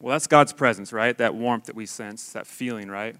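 A man's voice: on the low side, moderate pace, a bit bright, clean tone. A man in his forties giving a candid, conversational testimony sermon to his church. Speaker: lay church speaker.

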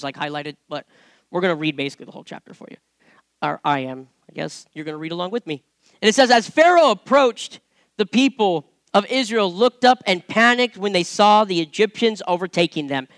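A man's voice: high-pitched, a bit bright, clean tone, dry recording, clean studio sound. A man preaching informally from scripture, chatty and repetitive at times, building to emphatic points. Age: adult parent. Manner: conversational, repeats words, builds to emphatic preaching. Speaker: pastor or Bible teacher. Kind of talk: informal sermon with scripture reading.

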